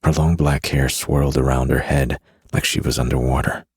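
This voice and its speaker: A man narrating a dark fantasy audiobook in the first person, with a steady, grim delivery. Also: extremely low pitch, normal speed, husky, no echo, studio quality.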